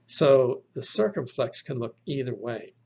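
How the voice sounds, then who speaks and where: A man teaching a slide-based lesson on Bible Greek, explaining slowly and patiently with a few fillers. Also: medium pitch, animated, gravelly, a little mellow, lo-fi sound.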